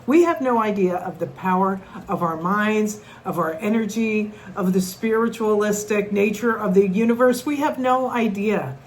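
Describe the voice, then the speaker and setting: A woman's voice: medium pitch, moderate pace, hardly any pauses, a little hiss or hum, poor audio. A middle-aged woman telling a personal story to camera in an earnest, conversational way, often restarting her sentences. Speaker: vlogger.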